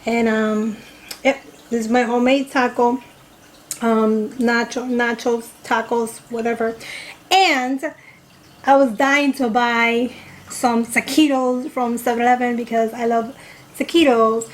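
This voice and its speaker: A woman's voice: on the high side, fairly even intonation, unhurried, a little hiss or hum, low-quality recording. A young woman vlogger chatting casually, telling a story and eating on camera, rambling with lots of fillers. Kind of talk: casual storytime and mukbang chat.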